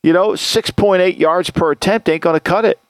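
A man's voice: high voice, a little fast, no echo. A man hosting a sports podcast, talking football in a blunt, opinionated way with many restarts. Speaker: podcast host, football analyst. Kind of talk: casual sports talk.

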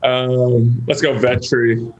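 Guy athlete on a podcast, mid-pitch voice, relaxed, laughs along. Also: slow, lo-fi sound. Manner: easygoing, laughs along, storytelling. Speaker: guest, pro football player. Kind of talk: casual podcast interview.

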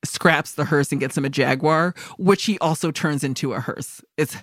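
This podcast co-host has a low voice and speaks at a normal speed in a clean, echo-free studio recording. She talks about films in a chatty way, often laughing and acting out lines in different voices.

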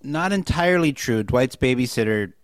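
A man on a podcast with a lively, swinging voice and dry, close sound. He talks casually and drops wry deadpan asides, laughing often between points. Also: medium pitch, normal speed, no echo. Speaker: podcast co-host. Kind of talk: casual chat.

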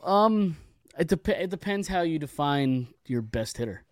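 A man's voice: on the high side, lively intonation, measured pace, dry recording, studio quality. A man guesting on a sports podcast, talking casually and at length, often repeating words as he starts a thought.

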